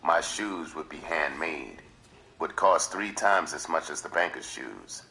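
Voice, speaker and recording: A man reads a memoir aloud in a measured, dramatic storytelling manner. His voice is very deep yet carries a bright, tense edge. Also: low-quality recording. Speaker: livestream reader.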